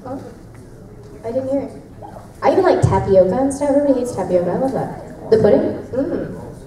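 A woman's voice: on the high side, expressive, a little fast, far from the mic, background noise. A young woman voice actress answering fan questions at a convention panel, chatty and laughing often as she tells stories. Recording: echoey hall, mic heard from afar.

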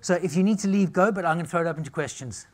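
A man's voice: high voice, racing. Brash middle-aged man, live seminar speaker, punchy and jokey, keeps checking in with the room. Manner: brash, punchy, jokey, asks "all right?" and "okay?" often. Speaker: nutritionist giving a talk. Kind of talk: live seminar talk to an audience.

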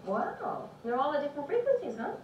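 A gentle caring mother. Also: high-pitched, sing-song, a little fast, far from the mic, a little hiss or hum. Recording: dull roomy TV soundtrack, music behind.

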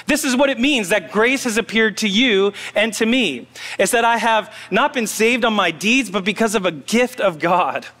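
A male pastor preaches in a relaxed, story-telling way, tossing asides to the congregation. His high voice rings out through a long church reverb. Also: normal speed. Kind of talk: sermon. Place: church sanctuary.

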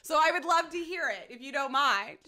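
A woman's voice: sits high, animated, moderate pace, pushed and bright. An American woman hosting a video chat, talking in a rambling, self-deprecating way and laughing often. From United States. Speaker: host. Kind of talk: casual chat.

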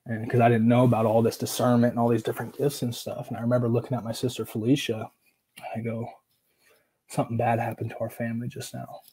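Husky, flat-voiced man telling his story. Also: mid-range voice, fast, low-quality recording. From Oregon, USA. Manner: casual, filler-heavy, acts out quoted dialogue; earnest and emotional. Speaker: podcast guest. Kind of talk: personal storytelling in conversation.

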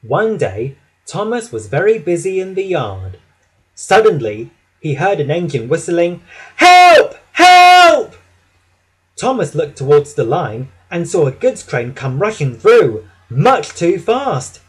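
A man narrating a children's storybook, reading slowly and expressively. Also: a little high, very animated, a little mellow, breathy edge, rough recording.

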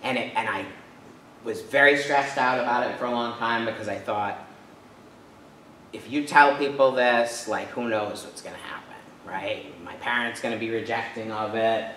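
A man's voice: mid-range voice, normal speed, bright, forceful tone, slight background noise. A man from Rhode Island giving a casual personal talk to an audience, chatty, with many fillers and tag questions. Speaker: guest speaker. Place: church hall. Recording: echoey hall from far off.

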